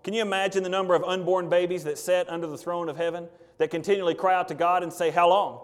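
Fervent preacher in a reverberant hall. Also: male voice, little pitch movement, fast talker. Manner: fervent, swings between loud outbursts and low asides; folksy, plain-spoken. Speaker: pastor. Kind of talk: sermon.

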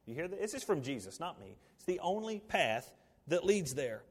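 A male pastor preaching a sermon, building to emphatic peaks and then dropping to quiet asides. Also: on the high side, very animated, moderate pace, breathy edge. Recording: long hall reverb.

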